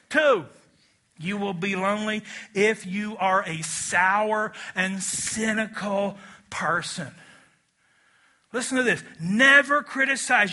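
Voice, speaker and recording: A male pastor preaches to a congregation in church. His voice sits high and rings bright and forceful. He delivers the sermon with animated swings and pulls the crowd into call-and-response.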